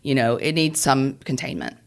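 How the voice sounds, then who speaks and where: A woman's voice: extremely low pitch, very animated, normal speed, gravelly, pitched below the performer's own voice, full character voice. A woman voicing her stern, grumbling father as he lays down conditions. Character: gruff, grumbling father laying down rules.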